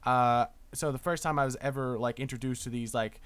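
A man's voice: medium pitch, steady tone, fairly quick, fairly bright tone, smooth, no echo. A man in his twenties, a streamer and voice actor, chatting casually during a live-streamed game, stammering and restarting his sentences.

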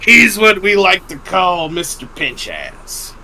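A man's voice: high voice, very animated, slow pace, pushed and bright, a little hiss or hum, rough recording. A man hosting a podcast, telling a profane story in a casual chat and laughing often. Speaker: podcast host.

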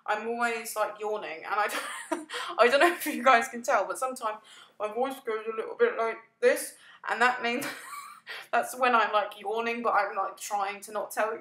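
A gaming video creator narrates a build in a casual voice-over, rambling and self-deprecating and often laughing and yawning. Her voice is on the high side and sharp, at a moderate pace, in an echoey room.

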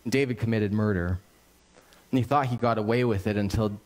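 A male pastor preaching a sermon, telling a story in an animated, conversational and earnest way. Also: on the low side, fairly quick.

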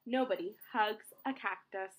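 A woman teacher reading a picture book aloud to children, expressive and talking to them as friends. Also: mid-range voice, unhurried, a little hiss or hum. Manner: expressive, addresses listeners as friends.

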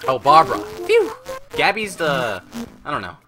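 Male let's-play host, playful rambling, animated delivery, game music under. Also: a little high, measured pace. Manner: rambling, playful, swears and laughs often. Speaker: gaming channel host. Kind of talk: casual let's-play commentary. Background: video game music.

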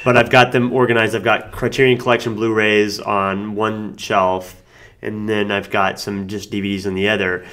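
A man's voice: lowish voice, flat delivery, moderate pace, a bit bright. A man co-hosting a comedy show, chatting casually and rambling with lots of hesitation and filler words. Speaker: co-host.

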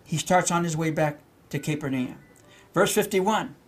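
A fairly high-pitched middle-aged pastor speaks at a moderate pace over soft background music. His slow Bible-teaching sermon goes verse by verse: he reads, explains, repeats key words many times, and puts questions to his listeners.

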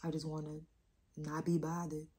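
Husky low-voiced New mother. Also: monotone, mellow. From New Orleans. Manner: candid, rambling, slow with many pauses. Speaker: vlogger, mother. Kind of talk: emotional casual vlog talk.

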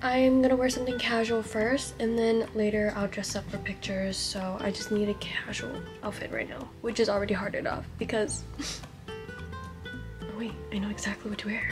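A young woman chatting casually in a vlog, her voice congested, nasal and raspy after losing it. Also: mid-range voice, steady tone, normal speed. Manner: chatty, candid and playful. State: has lost her voice. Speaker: vlogger. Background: music.

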